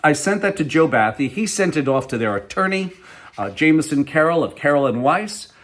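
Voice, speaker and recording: A man's voice: a little high, expressive, brisk, a bit bright. A middle-aged man, a company CEO, speaking to viewers directly in a protest vlog, emphatic and indignant.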